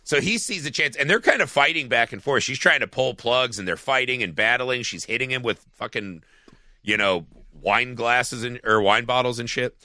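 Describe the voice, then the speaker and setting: Bright-voiced man ranting about a movie. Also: mid-range voice, normal speed, dry recording. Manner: rambling, profane, heavy use of "like". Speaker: podcast co-host. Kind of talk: casual film discussion.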